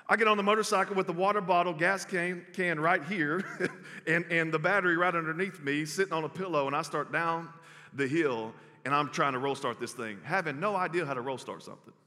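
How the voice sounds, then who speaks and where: A man's voice: on the high side, pushed and bright. Folksy preacher man in a hall. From Texas. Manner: folksy storytelling, addressing the crowd as y'all. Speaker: pastor. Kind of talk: sermon. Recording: reverberant hall.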